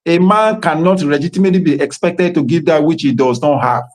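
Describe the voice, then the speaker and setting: A man's voice: fairly high pitch, brisk. A man with a Nigerian accent, speaking as a guest over a remote audio call, impassioned and full of proverbs and pidgin. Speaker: guest commentator. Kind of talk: live online political discussion.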